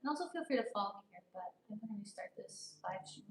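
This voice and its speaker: A woman's voice: medium pitch, lively intonation, fast, hardly any pauses. A woman from Armenia hosting a casual livestream, chatty and playful, reading viewer comments and sometimes slipping into a sing-song voice. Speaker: livestream host. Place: outdoors near her home at dusk. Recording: echoey, a little far from the mic.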